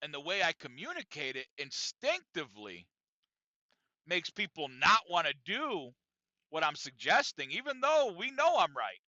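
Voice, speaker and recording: In his own casual monologue podcast, a man talks bluntly and confessionally, swearing a lot. His voice is a little high, pushed and bright, with big pitch swings at a moderate pace, and the dry, dull lo-fi recording has no room sound.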